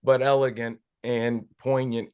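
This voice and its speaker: A man's voice: mid-range voice, level tone, a little slow, darkish tone, clean tone. A man with a Midwestern American accent chatting casually on a podcast, rambling and searching for words with many restarts.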